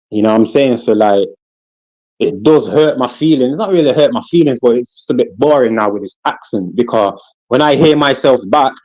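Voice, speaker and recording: A man with a British accent in a lively, slangy podcast discussion, repeating "listen" as he makes his points. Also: medium pitch, no echo, rough recording. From England. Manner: animated, street slang, repeats "listen" and "you know what I'm saying".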